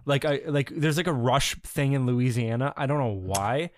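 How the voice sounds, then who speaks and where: A man's voice: mid-range voice, moderate pace, no room sound, clean studio sound. A man co-hosting a casual music podcast, talking in an enthusiastic, rambling way with many restarts and fillers. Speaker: podcast co-host.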